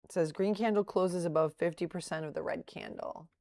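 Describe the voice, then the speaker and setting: A middle-aged woman streaming live as a day trader, chatting with viewers and thinking aloud in a halting, self-correcting way. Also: fairly low pitch, a little mellow. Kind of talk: live-stream chat, answering viewer comments.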